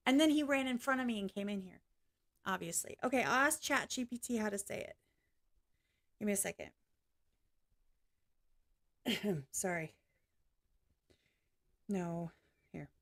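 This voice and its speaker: A woman's voice: medium pitch, animated, takes it slowly, pauses often, fairly bright tone. A woman vlogging in a casual, rambling way, apologizing often and swearing now and then. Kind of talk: casual reaction vlog chat.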